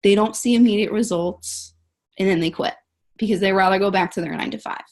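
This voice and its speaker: A woman's voice: mid-range voice, a little fast, a little mellow. A woman coaching her network marketing team over a live stream, upbeat and emphatic, often saying "like" and "guys".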